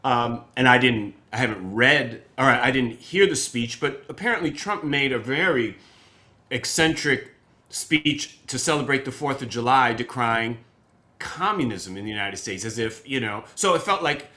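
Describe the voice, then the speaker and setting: A man's voice: mid-range voice, lively intonation, normal speed, sharp tone. A man hosting a podcast interview, rambling and hesitant, chuckling as he talks. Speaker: podcast host. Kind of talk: casual interview talk.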